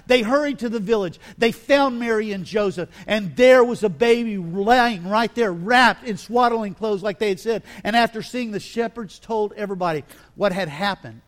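A man preaching a sermon with dramatic delivery, swinging between hushed reflection and loud, emphatic passages. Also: sits high, normal speed.

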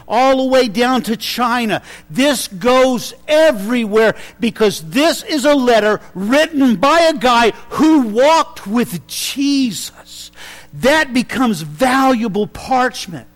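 A man preaching a sermon, swinging from hushed, slow lines to loud, excited ones and acting out quotes. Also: high voice.

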